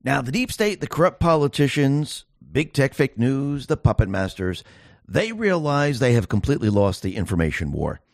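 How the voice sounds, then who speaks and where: Man, commentary host, emphatic, rhetorical questions, medium pitch, dry room. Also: big pitch swings, normal speed, no room sound. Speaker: show host. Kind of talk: political commentary monologue.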